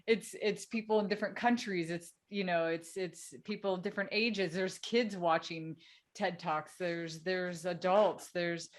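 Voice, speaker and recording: A woman's voice: fairly low pitch, slow. A woman co-hosting a podcast, chatting casually with a lot of laughter and filler words. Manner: chatty and animated, laughing and filling with "like" and "you know". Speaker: podcast co-host.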